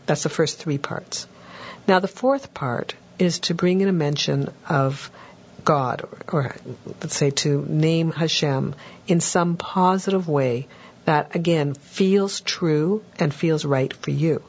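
A woman's voice: deep voice, unhurried, darkish tone, husky, lo-fi sound. A woman therapist patiently teaching a tapping technique, walking through examples step by step. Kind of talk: instructional talk.

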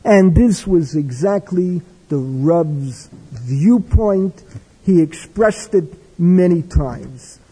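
An older man giving a discursive religious lecture with stories, in a husky voice. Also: a little high, lively intonation, drawn-out words, warm tone. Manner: discursive, wry, with Hebrew and Yiddish terms. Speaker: religious teacher. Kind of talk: lecture with storytelling. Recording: echoey hall with long reverb.

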